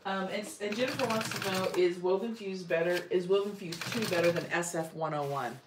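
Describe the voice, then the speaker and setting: A woman reads out viewer comments and adds dry, teasing asides, her voice set fairly low. She sits well back from the mic, so she sounds distant and roomy. A clear hiss runs behind her. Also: fairly quick. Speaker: co-host reading viewer questions. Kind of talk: casual chat. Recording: distant mic in an echoey, noisy room.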